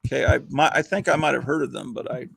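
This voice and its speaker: A man's voice: medium pitch, fast talker, creaky, slightly rough, no room sound, poor audio. An older man hosting a casual chat, rambling with fillers and chuckles. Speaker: host.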